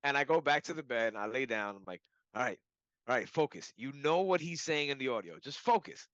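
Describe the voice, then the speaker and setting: A man telling a personal story in a casual, animated way, full of "like" and "you know". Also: medium pitch, a little fast, dry recording. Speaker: client giving a testimonial. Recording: dull lo-fi audio.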